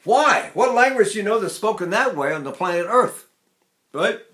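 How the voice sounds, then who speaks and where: An animated man in his eighties gives a singing lesson with a bright, ringing voice. He speaks a little high for a man and drops into sung demonstrations and quick asides. The room is noticeably echoey. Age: 80s. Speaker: voice teacher.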